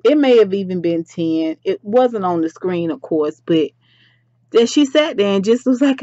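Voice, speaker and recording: A woman recaps a reality show in a casual, sassy chat aimed straight at her listeners. Her medium-pitched voice is expressive and mellow at a moderate pace, captured dry with no room sound and a slightly dull lo-fi quality.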